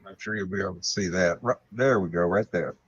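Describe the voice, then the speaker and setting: A man's voice: low voice, fast, husky, dry recording. A man co-hosting a live online vintage sale, describing items appreciatively. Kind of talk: live online sales auction. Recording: dull, dry lo-fi sound.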